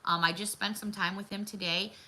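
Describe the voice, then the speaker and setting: A woman's voice: mid-range voice, steady tone, fairly quick, slight background noise, low-quality recording. A middle-aged woman hosting a casual livestream chat, talking to viewers by name and laughing often. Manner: chatty, warm-hearted, laughs often, talks to viewers by name. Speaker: livestream host.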